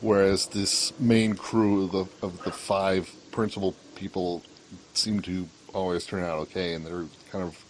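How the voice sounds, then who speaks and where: Low male podcast co-host, loose chatty delivery over faint background noise. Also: poor audio. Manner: rambling, many restarts and fillers. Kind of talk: casual chat, book review.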